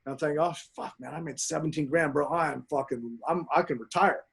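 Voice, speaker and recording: A man in his forties, a pro golfer telling profane, animated stories as a podcast guest. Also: on the high side, fast talker, vocal fry, crowd noise. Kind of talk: casual storytelling.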